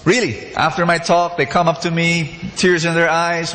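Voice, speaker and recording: A man's voice: fairly high pitch, moderate pace, few pauses. A man preaching a sermon, leading call-and-response and acting out the characters in a story. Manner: animated storytelling, acts out characters. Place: large church hall. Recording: echoey hall, faint ambience.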